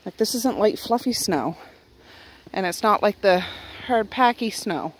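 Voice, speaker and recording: A woman's voice: mid-range voice, animated, unhurried, slight background noise. Woman, middle-aged, Nova Scotian accent, casual home vlog, rambling chat. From Nova Scotia, Canada. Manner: chatty, rambling, self-correcting. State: out of breath. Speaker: vlogger. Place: outdoors in snow at dawn.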